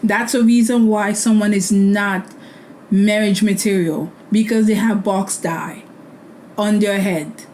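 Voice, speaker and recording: A woman's voice: mid-range voice, fairly even intonation, slow, darkish tone, a little hiss or hum, rough recording. A young woman hosting a casual recap, talking bluntly and opinionated. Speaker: host.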